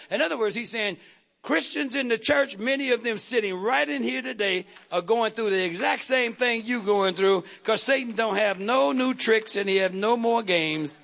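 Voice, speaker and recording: A man preaching a sermon in church, asking the congregation questions and building up to shouted points. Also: high-pitched, expressive, normal speed, creaky. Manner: call-and-response preaching, rhetorical questions, rising to shouts. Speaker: pastor. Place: church sanctuary.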